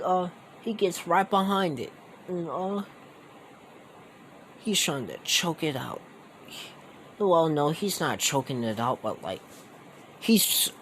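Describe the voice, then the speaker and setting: Young man rambling through a story slowly. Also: fairly high pitch, a bit bright, a little hiss or hum, poor audio. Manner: rambling, slangy, many fillers. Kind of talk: casual fan storytelling.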